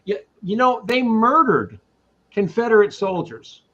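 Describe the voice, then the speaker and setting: A man's voice: high voice, very animated, measured pace, fairly bright tone, muffled recording. A man hosting a casual live-stream talk who rambles, repeats himself and speaks his mind, from Boston. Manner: rambling, opinionated, repeats words. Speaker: host.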